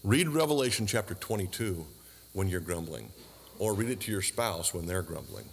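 A man's voice: low-pitched, very animated, moderate pace, gravelly, long reverb tail, slight background noise. A man preaching a sermon, asking the congregation questions and adding dry asides. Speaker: pastor.

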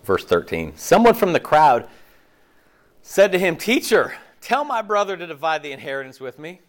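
A man's voice: on the high side, big pitch swings, moderate pace. A pastor preaching a conversational sermon, acting out quoted voices as he goes.

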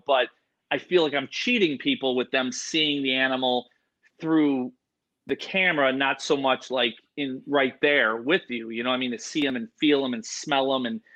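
A man chatting casually and animatedly, telling stories and acting out other people's voices. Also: medium pitch. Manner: animated storytelling, acts out voices. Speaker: animal show presenter. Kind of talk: casual chat. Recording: dull lo-fi sound.

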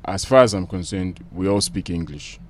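A man co-hosting a casual podcast, teasing and playful, pausing with fillers as he searches for words. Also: sits low, steady tone, slight background noise. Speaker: podcast co-host. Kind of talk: casual banter.

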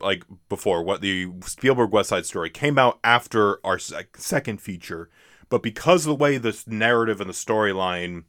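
A man co-hosting a podcast, chatting casually about films. He talks in a hesitant, halting way, with fillers and restarts. His voice is bright and a touch low, recorded dry and close. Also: no echo. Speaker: podcast co-host. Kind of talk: casual chat.

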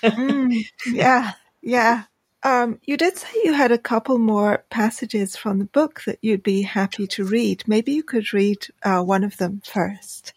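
A woman interviewer asking questions in a friendly, slightly halting way. Her voice sits a little high and sounds husky, recorded close up in a dry setting with no room echo. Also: fairly even intonation. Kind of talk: casual interview.

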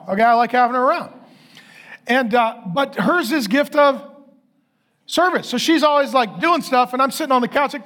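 Pastor in his fifties, unusually high-pitched male voice, storytelling sermon with comic asides and acted-out quotes. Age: 50s. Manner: animated, self-deprecating storytelling with acted quotes.

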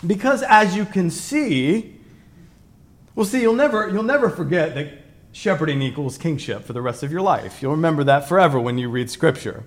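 A high-pitched man preaching a relaxed, conversational sermon. He wanders into stories and asides, and he drops from ringing emphasis to near-whispers. He sounds middle-aged. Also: moderate pace. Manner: digressive storyteller, swings from loud emphasis to quiet asides. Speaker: pastor.

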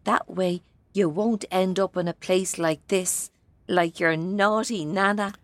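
A woman's voice: on the low side, steady tone, takes it slowly, no room sound. An actress in her seventies with an Irish accent playing a fierce, defiant grandmother in prison. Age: 70s. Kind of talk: film drama acting.

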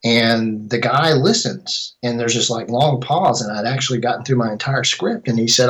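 A middle-aged filmmaker chats as an interview guest at a middle pitch. He rambles, restarts his sentences and leans on fillers as he goes. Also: moderate pace, a bit bright, rough recording. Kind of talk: casual interview storytelling.

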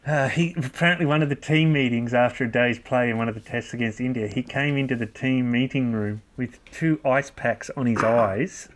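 A man's voice: medium pitch, normal speed, few pauses. Dry anecdotal man. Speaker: podcast co-host. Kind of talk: casual storytelling chat.

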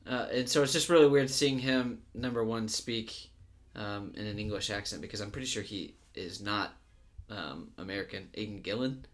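Man, lowish voice, casual movie chat, rambling, many ums and restarts. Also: moderate pace, few pauses. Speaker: podcast co-host.

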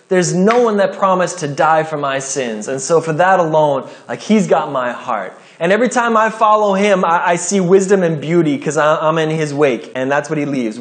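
A man preaching a sermon in an earnest, conversational way, with quick rises and drops in his delivery. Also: sits high. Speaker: pastor.

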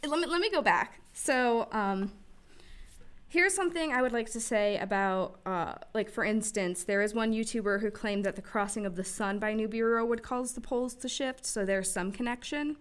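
A woman's voice: fairly high pitch, normal speed, clean tone. A woman hosting a casual talk, explaining at length in a rambling way with frequent fillers and restarts. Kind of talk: casual chat.

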